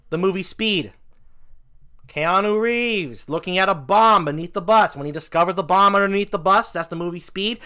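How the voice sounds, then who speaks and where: Animated stand-up comedian, bright voice. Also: male voice. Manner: animated, swings from mock outrage to low asides. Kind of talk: comic stand-up rant.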